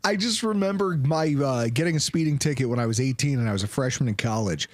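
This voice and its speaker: A man's voice: fast talker, dry recording. A man hosting a casual sports podcast, telling stories animatedly with lots of emphasis. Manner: animated storyteller, swings pitch for emphasis and quotes. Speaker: podcast host.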